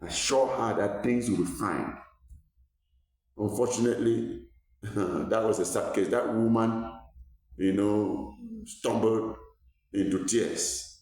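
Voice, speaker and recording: A man's voice: fairly low pitch, fairly even intonation, takes it slowly, pauses often, a little mellow, recorded from a distance. A man from Cameroon, a doctor giving an earnest health talk to viewers, repeating words as he searches for them and rising when he stresses a point. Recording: echoey room, voice from off-mic.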